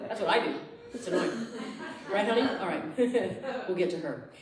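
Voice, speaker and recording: A woman's voice: medium pitch, expressive, moderate pace, over a noisy crowd. A woman doing a stand-up comedy set in a theatre, talking in a brash, profane, ranting way into a handheld mic. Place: theatre stage before a live audience. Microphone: handheld stage mic. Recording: roomy live theatre with audience laughter. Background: audience laughter.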